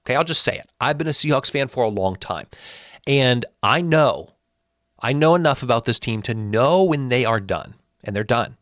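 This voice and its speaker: A man in his thirties with a lively voice that swoops up and down as he teases and defies his viewers. His pitch sits in the middle range, and the sound is dry and close, with no room echo. He hosts a sports channel and is blunt and full of opinions. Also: moderate pace. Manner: animated, teasing and defiant, talking straight to viewers. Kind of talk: opinionated football rankings talk.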